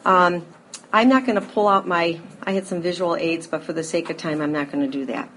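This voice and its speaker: A middle-aged woman giving a personal recovery testimony to a live audience, telling her story in a lively way, acting out scenes, with frequent fillers. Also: lowish voice, fairly quick, slight background noise. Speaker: speaker sharing a recovery story.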